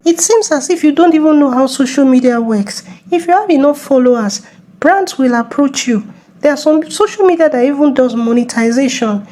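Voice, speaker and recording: A woman's voice: sits high, lively intonation, a little fast, dark tone, soft background music. A woman playing a self-assured young social media influencer, explaining herself with exasperation. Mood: exasperated.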